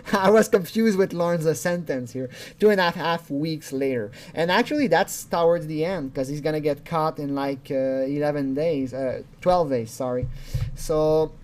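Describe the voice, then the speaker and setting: A man's voice: fairly high pitch, normal speed, darkish tone. A man hosting a casual video commentary, rambling along with chuckles and restarts. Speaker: channel host.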